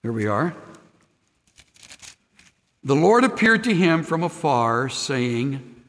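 A man's voice: mid-range voice, big pitch swings, takes it slowly, pauses often, fairly bright tone, long reverb tail. An older man preaching a sermon, earnest and intimate, sometimes dropping almost to a whisper. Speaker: pastor.

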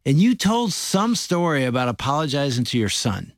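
A man co-hosting a casual conversation, speaking in a relaxed, reflective way. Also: mid-range voice, normal speed, dry recording, clean studio sound. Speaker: co-host.

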